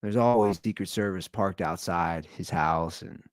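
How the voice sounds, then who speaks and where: A man in his thirties hosting a casual solo podcast from home, talking in a rambling way that swings from loud bursts to low asides. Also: unhurried, dry recording, studio quality. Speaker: podcast host.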